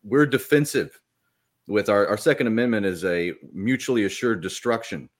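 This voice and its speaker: A middle-aged man co-hosting a political podcast, giving measured, opinionated takes with frequent hesitations. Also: fairly low pitch. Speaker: podcast co-host. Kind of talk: casual political podcast chat.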